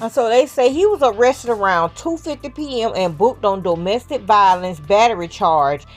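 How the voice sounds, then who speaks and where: A woman's voice: mid-range voice, low-quality recording. A woman giving casual, slangy celebrity-news commentary, talking straight to her viewers.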